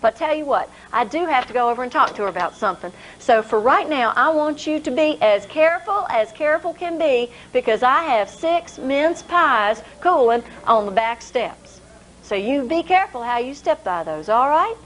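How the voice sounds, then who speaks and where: A woman's voice: high-pitched, expressive, moderate pace, fairly bright tone, slight background noise. A woman voicing a scolding, exasperated rural mother.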